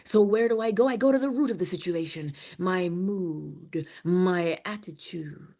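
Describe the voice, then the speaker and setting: A woman hosts a morning inspiration stream in a lowish, unhurried voice. She gives her motivational talk with emphasis and animation, laughing, acting out little scenes, and slipping into a whisper on key phrases.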